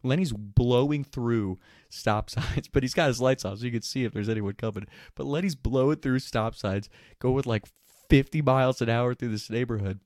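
A young man casually telling a rowdy anecdote, animated and laughing, with plenty of swearing. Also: medium pitch, moderate pace, no echo, studio quality. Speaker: storyteller.

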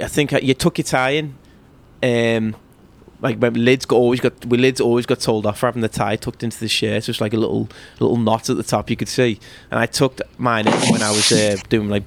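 Rambling swearing man over noise. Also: mid-range voice. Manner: rambling, swearing, laughing often. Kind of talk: crude casual banter.

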